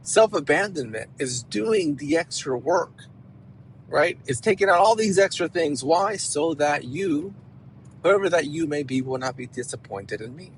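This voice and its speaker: Emphatic man counselor, higher voice. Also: unhurried, a little hiss or hum, rough recording. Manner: emphatic, animated, peppered with "right?". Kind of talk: motivational talk to camera.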